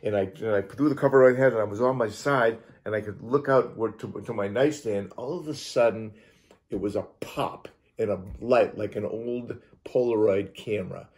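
Guest, male, lowish voice, animated storyteller who acts out sounds and restarts sentences. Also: normal speed. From Utah. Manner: acts out sounds and quoted lines, often restarts. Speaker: interview guest.

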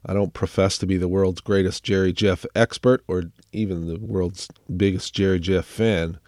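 A man's voice: deep voice, steady tone, normal speed, darkish tone, dry recording, studio quality. A man hosting a music radio show while sick, chatting casually in a rambling, self-deprecating way with many fillers. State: sick, under the weather. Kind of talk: casual radio chat introducing songs.

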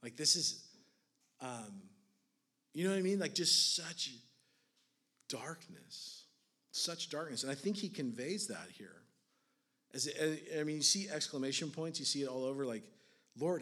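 A man preaching a sermon in a casual, conversational way, swinging from hushed, near-whispered lines to intense, raised passages. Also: fairly high pitch, lively intonation, a little slow, pauses often, husky. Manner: conversational, fillers of "like", rising to intense then hushed. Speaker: pastor.

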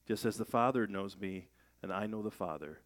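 A man's voice: fairly low pitch, moderate pace. A middle-aged man preaching a sermon in a conversational way, asking rhetorical questions and raising his voice for emphasis. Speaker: pastor.

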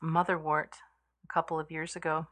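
A woman in a casual conversation, telling a personal story haltingly with many pauses and fillers and laughing easily. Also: low voice, flat delivery, a bit bright. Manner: hesitant, with many fillers and restarts, quick to laugh.

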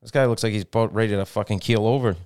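A man with a low, smooth voice co-hosting a casual political podcast. He is blunt and profane and reads headlines aloud between comments. The sound is dry and close. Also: fairly even intonation, rapid-fire, darkish tone, no room sound. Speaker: podcast co-host.

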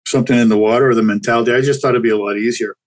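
A man's voice: medium pitch, steady tone, very fast, low-quality recording. An older man, a chiropractor guest, talking candidly and reflectively in a casual interview, often restarting his sentences. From Canada.

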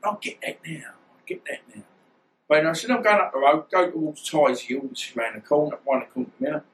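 A former boxer in his fifties, appearing as a guest in a storytelling interview, talks fast in a fairly high voice over poor audio. He rambles animatedly, swears, and acts out the dialogue.

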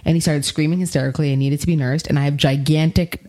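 Woman, 30s, low voice, candid rambly podcast storytelling. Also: fairly even intonation, fast, warm tone. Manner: candid, chatty storyteller with frequent fillers. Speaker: podcast co-host and founder. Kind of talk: casual podcast chat.

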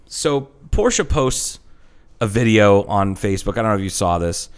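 A man's voice: on the low side, lively intonation, normal speed, clear, resonant tone. A middle-aged man co-hosting a podcast, chatting casually with irreverent jokes and frequent restarts. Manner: irreverent, joking, trails off and restarts. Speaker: podcast co-host. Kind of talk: casual chat.

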